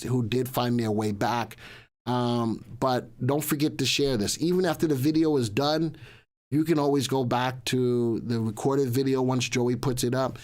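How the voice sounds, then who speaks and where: A man hosting a live stock market show, with a voice of middling pitch. He talks casually and chattily, often saying a line twice as he works through the news. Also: a little mellow. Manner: chatty and repetitive, restating lines as he goes. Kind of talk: casual livestream market commentary.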